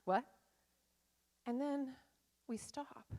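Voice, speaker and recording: A woman's voice: mid-range voice, unhurried, long pauses. A middle-aged woman, a life coach, giving a candid and dramatic personal storytelling talk on stage.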